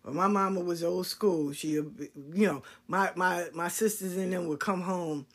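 A woman's voice: fairly low pitch, fairly even intonation, unhurried. Blunt, profane middle-aged woman storyteller. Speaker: talk show host. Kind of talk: casual storytelling chat.

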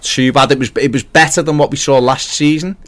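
A man's voice: medium pitch, fairly even intonation, a little fast. A man, co-hosting a podcast in jokey, casual chat. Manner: chatty, jokey, interjecting. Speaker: podcast co-host.

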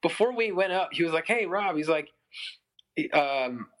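The voice belongs to a man in his thirties, a musician guest on a relaxed podcast, pitched on the high side and going at normal speed. He rambles through a long story full of "like," bringing quotes to life by acting them out.

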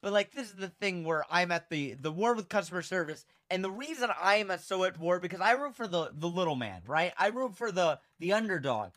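Lively high-voiced man telling a story. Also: a little fast, hardly any pauses. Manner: animated storytelling, acts out quoted people. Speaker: podcast co-host. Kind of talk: casual podcast chat.

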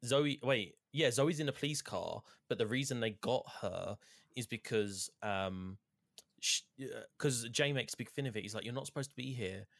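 A man's voice: mid-range voice, moderate pace, creaky, fairly bright tone, no echo, clean studio sound. A man chatting casually about a video game, retelling scenes in a rambling way.

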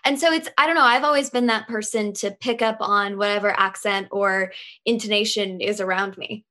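A woman's voice: mid-range voice, fairly even intonation, moderate pace, sharp tone. A woman actress talking as a podcast guest, articulate and thoughtful, laughing easily. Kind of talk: casual interview chat.

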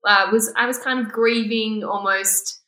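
A woman's voice: fairly high pitch, fairly even intonation, measured pace, pushed and bright, reverberant. A woman, a guest talking candidly in a casual interview and laughing often. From Australia. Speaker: guest, former pageant winner.

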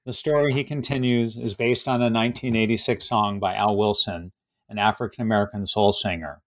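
A male author reading from his book and then reflecting on it, hesitant and full of fillers. His voice is fairly low, and the sound is close and dry with no room behind it. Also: fairly even intonation, a little fast, no room sound.

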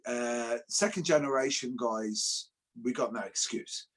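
A man from England co-hosting a casual martial arts discussion, joking and animated. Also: medium pitch, unhurried. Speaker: martial arts show co-host.

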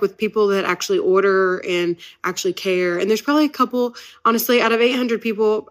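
A woman's voice: medium pitch, a bit bright. A woman, chatting casually as host of her own podcast, upbeat and very talkative. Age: 30s. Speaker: podcast host and business owner. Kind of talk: casual chat.

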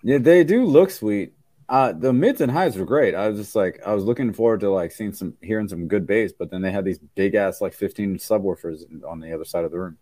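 Low-voiced tired man chatting. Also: a little fast, mellow, no room sound, studio quality. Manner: rambling, laughing storyteller. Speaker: podcast host. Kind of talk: casual chat.

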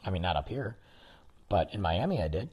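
A man's voice: sits low, very animated, fairly quick, a little mellow, breathy edge. A man hosting a podcast, telling a long personal anecdote in a loose, rambling, casual way with plenty of fillers. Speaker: podcast host. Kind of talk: casual storytelling.

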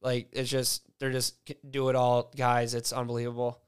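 A man's voice: medium pitch, monotone, normal speed, smooth. A man in a casual sports chat, loose and swearing, leaning on filler words. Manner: loose, swears freely, leans on "like".

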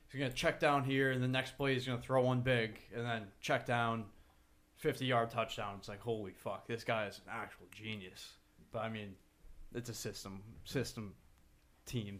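An earnest young man co-hosting a sports podcast at a middling pitch. He explains plays with enthusiasm and swears in passing. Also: a bit bright. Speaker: podcast co-host. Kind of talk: casual chat.

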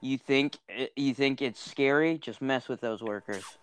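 A man's voice: mid-range voice, measured pace, clear, resonant tone. A man co-hosting a podcast, telling stories in casual chat and acting out the voices of people he quotes. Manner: storytelling, joking, acts out quoted voices. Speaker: podcast co-host.

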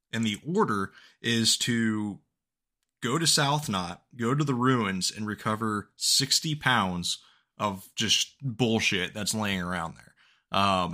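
This podcast co-host has a lowish, pushed, bright voice as he recaps a video game in casual chat. He jokes around, curses freely, and laughs often.

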